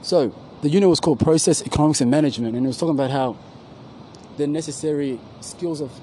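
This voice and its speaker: Fast-talking man, dark mellow tone, profane rambling host, faint street noise behind. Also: a little high, poor audio. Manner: rambling, profane, loses his words, slangy. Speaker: podcast co-host. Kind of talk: casual profane street chat. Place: outdoors at a university campus.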